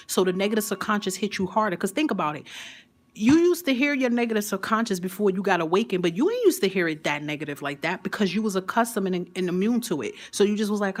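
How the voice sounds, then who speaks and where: A woman's voice: medium pitch, brisk. Chatty, slangy woman card reader. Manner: chatty, laughing, slangy and emphatic. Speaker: tarot and affirmation card reader. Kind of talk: casual live reading chat.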